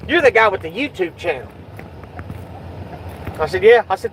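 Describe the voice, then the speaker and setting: A middle-aged man talks agitatedly and swears while chatting in a vehicle, loudly acting out what others said. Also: high voice, very animated, normal speed, long pauses, a little hiss or hum, low-quality recording. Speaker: YouTube channel host. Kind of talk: casual vlog chat in a car.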